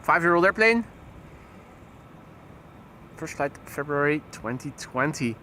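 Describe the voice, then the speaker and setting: A man's voice: fairly high pitch, animated, slow, pushed and bright, a little hiss or hum. A man hosting a live plane-spotting stream, reading out flight details with wry, joking asides from outdoors by an airport runway. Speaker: plane-spotting livestream host. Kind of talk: live aviation commentary.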